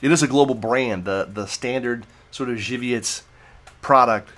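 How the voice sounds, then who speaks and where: A man's voice: medium pitch, moderate pace, fairly bright tone. A man hosting a casual, unscripted livestream beer review, rambling and correcting himself as he tells stories. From United States. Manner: rambling, self-correcting, digressive storytelling.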